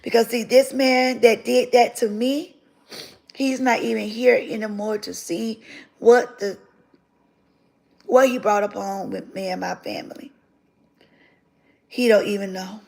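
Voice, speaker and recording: A woman's voice: a little high, fairly even intonation, a little slow, gravelly, long pauses, a little mellow, poor audio. A woman on a livestream giving an emotional spoken testimony, fervent and repeating phrases for emphasis. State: tearful at times. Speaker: livestream host sharing her testimony.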